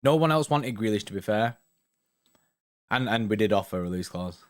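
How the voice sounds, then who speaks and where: On a casual live stream, a young male host reads viewer comments, rambling and often asking "do you know what I mean". His voice is on the low side, expressive and a little fast.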